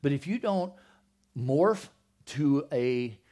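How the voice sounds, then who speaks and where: A man's voice: on the high side, lively intonation, takes it slowly, mellow. A man preaching a sermon in a conversational way, with joking asides to the congregation. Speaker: pastor.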